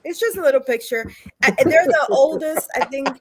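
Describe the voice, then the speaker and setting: A woman's voice: high voice, normal speed, very noisy. A woman chatting on a call-in show, speaking hesitantly and trailing off mid-thought. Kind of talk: casual call-in show talk.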